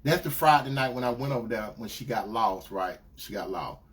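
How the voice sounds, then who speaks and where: A man preaching to his listeners, telling a personal story with animated re-enacted dialogue and direct asides to them. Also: medium pitch, brisk. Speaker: preacher and host of a talk stream. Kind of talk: dramatic personal storytelling to a congregation.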